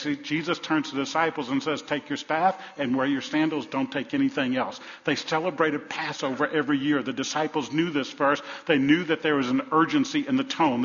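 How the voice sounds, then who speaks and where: Preaching pastor in a reverberant church. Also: male voice, mid-range voice. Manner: preaching with dynamic swings from loud to hushed; repeats phrases for emphasis. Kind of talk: sermon. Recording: reverberant hall, dull sound.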